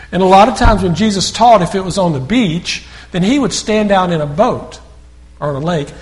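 A man preaching a sermon in a conversational storytelling way, often repeating words and restarting sentences. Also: high voice.

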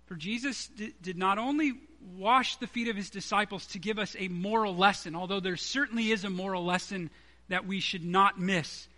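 Bright, high-voiced male preacher. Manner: earnest, conversational preaching with emphatic stresses. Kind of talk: sermon.

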